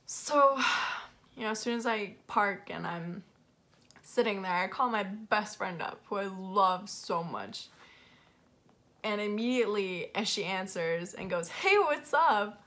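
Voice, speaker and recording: A young woman with a bright, clear tone, recounting a personal story to her viewers. She talks candidly and casually, dropping "like" between her thoughts as she confides in them. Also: medium pitch, a little slow. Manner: candid and confessional, with frequent "like" fillers. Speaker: vlogger.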